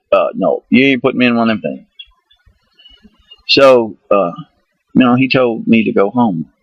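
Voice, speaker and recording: A middle-aged man from the United States telling a rambling, profane story about himself, excitable and laughing at his own misadventures. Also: on the low side, no echo, dull audio.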